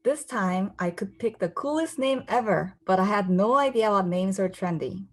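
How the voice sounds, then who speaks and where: A woman from South Korea reads from her own graphic memoir, breaking off now and then to explain things in a relaxed way. Korean is her first language, and she lifts her pitch to voice the people in the story. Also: normal speed. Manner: voices the characters with a raised pitch. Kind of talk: book reading with asides.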